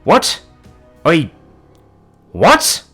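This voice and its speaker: A man putting on a proud male master wizard with a raised, husky voice. He snaps back in short, blunt retorts, lively and quick to bicker. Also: fairly high pitch, faint music behind, pitched above the performer's own voice, full character voice. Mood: exasperated.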